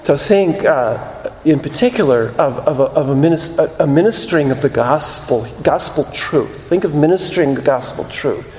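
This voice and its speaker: A man preaching a sermon as pastor, earnest, repeating phrases for emphasis and slowing down on key lines. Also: fairly high pitch, lively intonation, darkish tone, a little hiss or hum. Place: church sanctuary. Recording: echoey hall.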